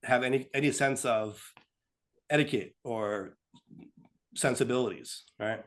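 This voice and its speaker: A man's voice: mid-range voice, unhurried. A man co-hosting a political talk show, speaking casually and putting on voices to make his points. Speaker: podcast co-host.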